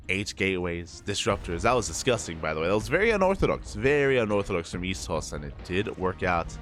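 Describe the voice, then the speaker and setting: Young male game caster, just woke up, slurred delivery, jumps to excitement in fights, faint music underneath. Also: low-pitched. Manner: excitable, drowsy between fights. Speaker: esports caster. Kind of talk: live game commentary.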